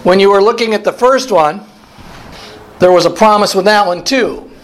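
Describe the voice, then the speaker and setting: High-voiced pastor quizzing his group. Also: normal speed, poor audio. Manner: asks the group questions and repeats key phrases. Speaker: pastor leading a Bible study. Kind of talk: interactive sermon.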